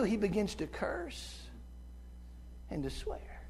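A man with a Southern American accent preaching a sermon as a guest preacher, folksy, moving from hushed asides to shouted peaks. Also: high-pitched, lively intonation, normal speed, long pauses.

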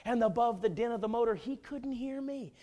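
A man preaching a sermon, telling a folksy, humorous personal story in an animated way. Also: very high voice, fairly quick.

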